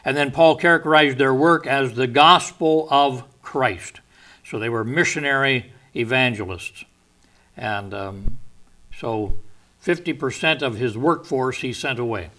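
A man teaching a verse-by-verse Bible study, stressing and defining key words at a measured, deliberate pace. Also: medium pitch, sharp tone.

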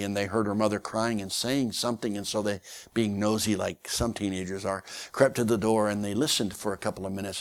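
Folksy male preacher telling a story. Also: fairly low pitch. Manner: folksy and animated, with many fillers. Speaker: guest preacher. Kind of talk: sermon storytelling.

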